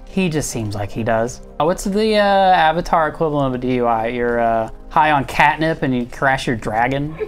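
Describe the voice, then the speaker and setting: A man's voice: mid-range voice, animated, moderate pace, few pauses, soft background music. A man hosting a comedy show, ranting sarcastically and rambling while he gets his makeup done. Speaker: host.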